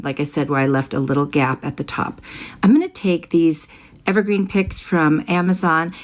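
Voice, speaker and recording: Middle-aged lady walking you through a diy craft step by step, friendly, kinda lowish voice. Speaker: craft channel host. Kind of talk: voice-over craft tutorial.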